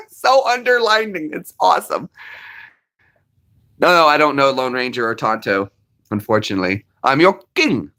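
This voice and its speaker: A man's voice: mid-range voice, normal speed, long pauses, bright, forceful tone. A man hosting his own channel, chatting casually with viewers, laughing often and quoting comedy films. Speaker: channel host.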